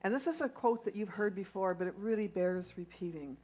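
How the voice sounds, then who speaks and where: A woman, a spiritual practitioner, reading a quote at a lectern in an earnest, measured way. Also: medium pitch, a little mellow.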